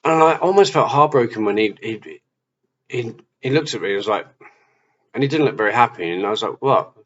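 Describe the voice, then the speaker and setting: Brisk and medium-pitched, a male Christian vlogger narrates his personal testimony, acting out his own past words with animation. The audio has a slightly dull quality and a faint hiss.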